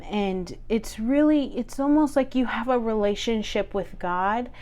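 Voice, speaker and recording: A woman reading tarot cards for her viewers at an unhurried, gentle pace. Her voice sits at a middle pitch, and she talks earnestly, repeating words and pausing on soft fillers. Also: smooth. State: choked up, teary. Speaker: tarot reader. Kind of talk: solo tarot reading to camera.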